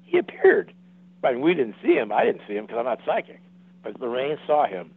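A man's voice: medium pitch, big pitch swings, quick pace, creaky, slightly rough, no room sound. A man in his seventies, a guest telling long rambling stories with lots of restarts and acted-out quotes. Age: 70s. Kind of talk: casual storytelling. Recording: dry tinny phone-like line.

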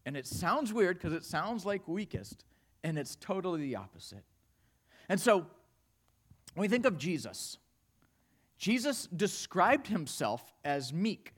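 A man preaching a sermon, telling stories with animated swings between hushed and loud delivery. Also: high voice, a little slow, pauses often. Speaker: pastor.

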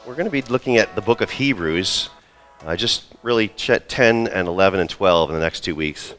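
A male pastor delivering a sermon in a deep, low voice. He talks the congregation through a story. His delivery is conversational, with asides and acted-out lines. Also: animated, fairly quick, fairly bright tone, faint music behind. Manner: storytelling, acts out quoted voices.

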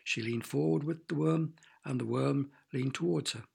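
A man narrating a children's storybook with expressive, playful sound effects. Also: mid-range voice, moderate pace, creaky, breathy edge.

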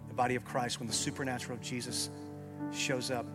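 A man preaching a sermon as pastor, swinging from loud emphatic peaks to quiet, earnest low passages. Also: level tone, quick pace, over loud music. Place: church sanctuary.

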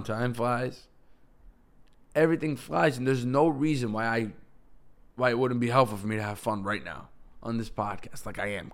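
A man's voice: medium pitch, a bit bright. A young adult man hosting his own podcast, talking casually and upbeat, often restarting and correcting himself. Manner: rambling, self-correcting, upbeat. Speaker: podcast host. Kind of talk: casual solo podcast talk.

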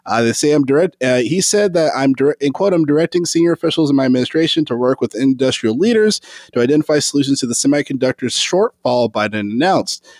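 Male podcast host, mid-pitched voice, stumbling casual news read. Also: animated, fast, darkish tone, dry recording. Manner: hesitant, many fillers when reading. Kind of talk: casual chat, reading news aloud.

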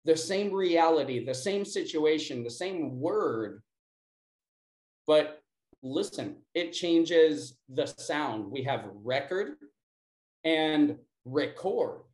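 A man leading an interactive class and then a guided breathing exercise, talking deliberately and often checking in with "right?". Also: a little high, lively intonation, a little mellow. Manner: slow, deliberate, repeats key words and checks in with "right?". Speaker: workshop instructor. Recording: roomy echo.

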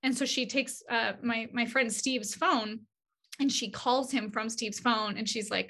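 A woman being interviewed, telling stories in a casual, animated way and acting out quoted dialogue. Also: on the high side, measured pace. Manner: many fillers and restarts, chatty. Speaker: agency CEO, interview guest. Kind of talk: casual conversational storytelling.

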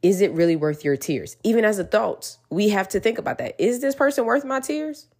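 A woman's voice: mid-range voice, lively intonation, brisk, darkish tone, breathy edge. A woman giving an earnest, encouraging motivational talk straight to her listeners, repeating reassurances as she goes. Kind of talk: casual motivational monologue.

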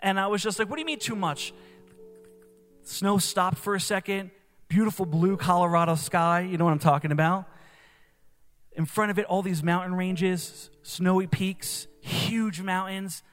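A man's voice: sits high, little pitch movement, normal speed, fairly bright tone, long reverb tail, faint music behind. A young man from New Jersey preaching a sermon in a conversational way, with casual fillers. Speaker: pastor. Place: church.

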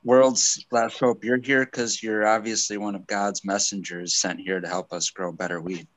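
A man's voice: low voice, little pitch movement, moderate pace, a bit bright, dry recording. A man hosting a casual podcast chat, rambling at length and getting technical about plant breeding. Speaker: podcast host.

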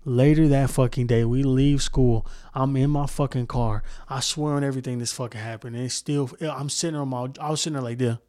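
A man's voice: medium pitch, fairly even intonation, brisk, hardly any pauses, mellow, no room sound, clean studio sound. A young man hosting a solo podcast, talking casually in a heated, profane, rambling way with many restarts. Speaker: podcast host.

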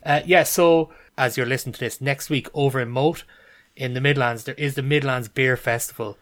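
A man's voice: medium pitch, fairly even intonation, fairly quick, fairly bright tone. A man co-hosting a podcast, chatting with enthusiasm. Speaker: podcast co-host. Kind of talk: casual chat.

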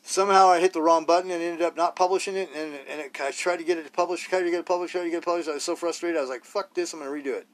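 A man's voice: fairly high pitch, fairly even intonation, very fast, few pauses, a bit bright. A man hosting a solo podcast, talking bluntly and rawly in a rambling way, full of rhetorical questions. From Idaho, US. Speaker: podcast host.

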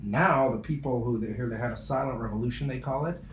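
A middle-aged man chatting casually and telling jokes and stories, animated and quick to laugh. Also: medium pitch, reverberant, a little hiss or hum. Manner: joking, storytelling, animated. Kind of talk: casual chat. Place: room in Montreal.

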